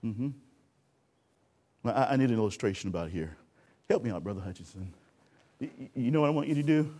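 A man preaching a sermon, addressing the congregation directly and acting out a lifeguard rescue with shouting. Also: mid-range voice, animated, brisk. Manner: calls for audience response.

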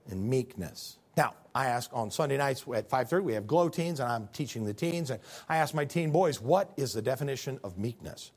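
A man preaching a sermon as pastor, telling stories with animated swings between loud bursts and quiet, low passages. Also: moderate pace, slightly rough.

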